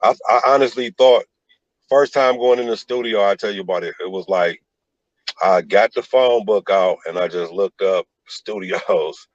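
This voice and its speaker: Very deep-voiced laid-back man. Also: no room sound, dull audio. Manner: laid-back storytelling with many "like" fillers. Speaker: rapper and producer guest. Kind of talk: casual interview talk.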